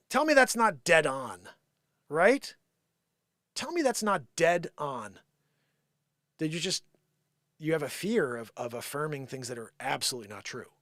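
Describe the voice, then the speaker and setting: A man hosting a live show, ranting in an animated, sarcastic opinion monologue. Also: on the high side, measured pace, pauses often, dry recording, clean studio sound.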